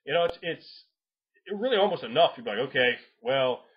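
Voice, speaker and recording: A man giving casual game master advice in a rambling, profane way, laughing often and acting out players in quick voices. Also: fairly high pitch, big pitch swings, husky. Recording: dull lo-fi home recording.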